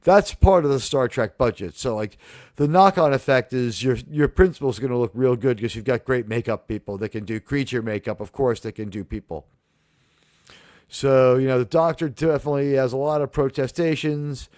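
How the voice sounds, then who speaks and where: A man hosting a casual livestream review chat, animated and profane, acting out the lines he quotes. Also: mid-range voice, normal speed, no echo, clean studio sound. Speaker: host.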